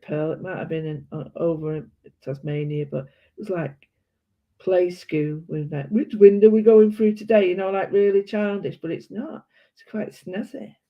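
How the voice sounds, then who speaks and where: A British woman chatting casually and rambling while she colours, often correcting herself. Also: fairly low pitch. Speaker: art vlogger. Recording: dull lo-fi sound.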